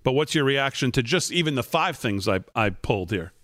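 A man hosts a political talk show, reading messages aloud and walking through a numbered list of points. His voice is mid-pitched, and the sound is dry and close. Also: animated, a little fast, fairly bright tone, no echo. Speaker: host. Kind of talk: political commentary.

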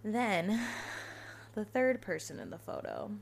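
A woman in her twenties hosting a podcast, telling stories in a casual, profane, animated way. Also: medium pitch, slow, vocal fry. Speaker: podcast host. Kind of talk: casual storytelling monologue.

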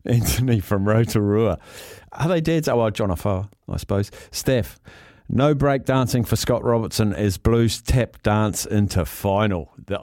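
A man's voice: fairly low pitch, darkish tone, dry recording, studio quality. A man with a New Zealand accent hosting a sports talk radio show, chatting casually and joking as he reads out listener texts. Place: radio studio. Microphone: studio mic.

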